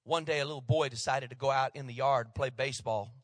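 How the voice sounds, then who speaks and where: A male pastor preaching a sermon, swinging between loud emphatic lines and hushed asides. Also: mid-range voice, fairly even intonation, fast talker, no room sound.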